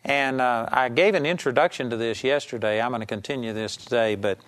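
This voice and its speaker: A man's voice: mid-range voice, a bit bright. Conversational male Bible teacher. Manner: conversational, emphatic, reads scripture slowly. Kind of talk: teaching sermon.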